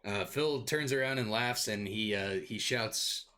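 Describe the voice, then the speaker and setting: A man's voice: on the low side, unhurried, sharp tone. A man narrating as game master in a loose, stop-start way full of fillers.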